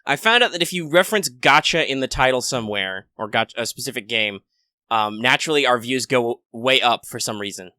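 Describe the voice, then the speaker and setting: A man chats casually as a podcast co-host, rambling and joking at length. His voice is bright and forward, recorded dry and close. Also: medium pitch, lively intonation, brisk, no echo. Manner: rambling, jokey, talks at length. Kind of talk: casual chat.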